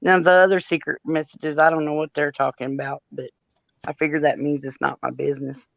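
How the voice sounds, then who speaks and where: A woman's voice: deep voice, little pitch movement, brisk, creaky, dry recording. Lady chatting on a live stream, lots of laughs, dry muffled sound. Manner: storytelling, laughs often, acts out quotes. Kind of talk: casual chat.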